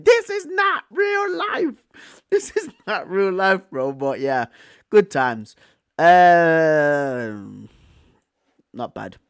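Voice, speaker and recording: A young man with a fairly high voice streams in a loose, chatty way. He piles on slang like "bro" and "fam," trips over his own words and repeats phrases as he reacts to his chat. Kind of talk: casual live commentary reacting to chat.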